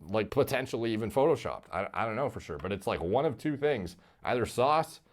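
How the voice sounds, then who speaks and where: A man's voice: medium pitch, animated, brisk. A man giving casual, profane commentary about a fighter's physique in a video played on stream.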